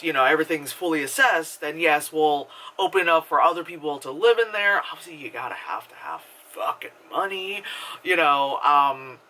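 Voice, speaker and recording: A man's voice: fairly high pitch, pushed and bright. A man giving a casual, rambling movie review, full of fillers and swearing. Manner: rambling, filler-heavy, profane.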